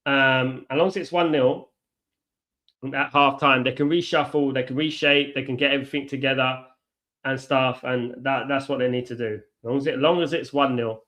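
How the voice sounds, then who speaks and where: A man hosting a live football watchalong, chatty, reacting to play and giving shout-outs to viewers. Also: mid-range voice, fairly even intonation, normal speed. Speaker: watchalong host.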